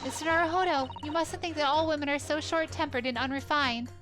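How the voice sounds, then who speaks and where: A prim and refined young lady assistant, as a woman puts her on, polite and formal in every phrase. Her voice is pitched very high, and game music plays behind her. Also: fairly even intonation, brisk, close to an everyday voice.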